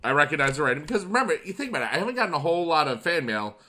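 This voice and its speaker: A young man from upstate New York hosting a casual gaming video, chatting while reading fan mail and bursting into excited cheers. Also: fairly high pitch, rapid-fire. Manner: excitable, swings into loud shouting cheers. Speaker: YouTube gaming channel host.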